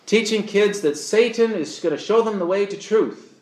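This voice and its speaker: A man's voice: high voice, normal speed, a little mellow, echoey room. A man preaching a sermon as pastor, earnest and fond of rhetorical questions to his listeners.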